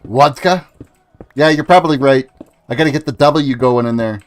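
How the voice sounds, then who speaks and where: A man's voice: medium pitch, steady tone, fairly quick. A man in his forties from Canada, chatting casually through his gameplay livestream and answering his chat as he plays. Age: 40s. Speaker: gaming livestreamer. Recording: faint music behind.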